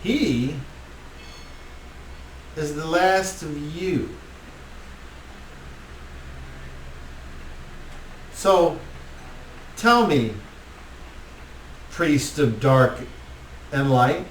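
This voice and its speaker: A man voicing an ancient, commanding male vampire count who speaks slowly with theatrical mockery. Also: a little high, lively intonation, a little hiss or hum, voice pushed up. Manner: slow, mocking, theatrical. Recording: roomy, distant mic.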